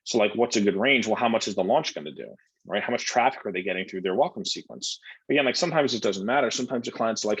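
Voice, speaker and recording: A man's voice: lowish voice, fast talker, a bit bright, breathy edge, no room sound, lo-fi sound. A man coaching students on copywriting, reading their questions aloud and answering bluntly in a casual way, with many fillers.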